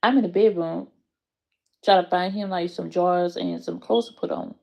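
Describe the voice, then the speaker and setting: Woman, AAVE speech, gravelly, mellow, casual storytelling, animated, salty language. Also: normal speed. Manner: animated, swears freely, acts out quotes with big pitch jumps. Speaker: aunt telling a story.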